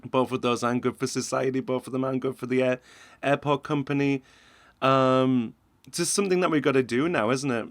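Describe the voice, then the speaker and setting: A sarcastic man talks through a reaction commentary, chuckling at his own jabs and keeping things loose. His voice sits at an ordinary pitch and is recorded close and dry, with no room sound at all. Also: steady tone, fairly quick, dry recording. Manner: sarcastic, laughs often between remarks. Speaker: commentary host.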